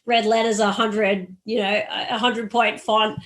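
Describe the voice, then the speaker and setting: A woman from Australia hosting a business podcast, posing long, thoughtful questions in a measured way. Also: medium pitch, little pitch movement, a bit bright. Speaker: podcast host. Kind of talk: conversational interview.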